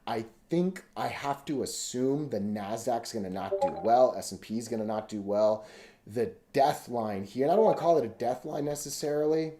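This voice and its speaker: A man's voice: lowish voice, normal speed, mellow. A man hosting a casual live stream from home, rambling and thinking aloud as he reads stock charts. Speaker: stock chart analyst host. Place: home room.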